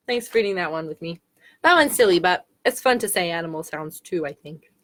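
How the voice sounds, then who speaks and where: Children's librarian, woman, playful read-aloud with animal noises, bright swooping delivery. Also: mid-range voice. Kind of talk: reading picture books aloud to children.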